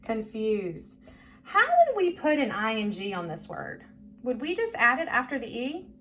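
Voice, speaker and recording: Lady teacher doing a phonics drill, super slow and patient, little hiss in the background. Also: on the high side, huge pitch swings, fairly bright tone. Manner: slow, patient, encouraging, drawing out each word. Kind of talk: phonics lesson for young children. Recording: faint background noise.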